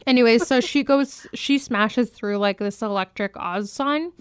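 A woman's voice: on the high side, unhurried, clean tone, no room sound. A woman with a Canadian East Coast accent, co-hosting a casual podcast chat in a rambling, self-teasing way. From Eastern Canada. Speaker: podcast co-host.

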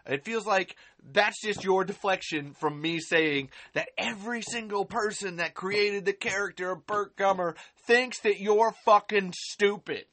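Over slight background noise, a woman with a mid-range, fairly bright voice hosts a podcast live stream, speaking unhurriedly with hardly any pauses. Angry and sarcastic, she swears a lot and keeps repeating things to stress them.

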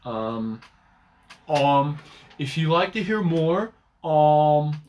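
A man's voice: fairly high pitch, lively intonation, very slow, darkish tone, a little hiss or hum. A man co-hosting a podcast in casual chat, with a dry, laid-back manner and easy laughter. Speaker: podcast co-host.

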